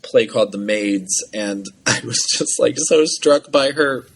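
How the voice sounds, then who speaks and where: A man co-hosting a movie podcast in easy chat. He talks in animated bursts, restarting his sentences and throwing in quick asides. A faint noise sits under his voice. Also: mid-range voice. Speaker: podcast co-host. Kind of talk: casual chat.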